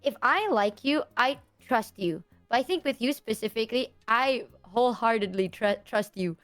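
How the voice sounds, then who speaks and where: A woman's voice: a little high, moderate pace, a bit bright, soft background music. A woman chatting casually, earnest and rambling as she explains herself. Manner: earnest, rambling, lots of fillers and quoting herself. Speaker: streamer. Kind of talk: casual chat.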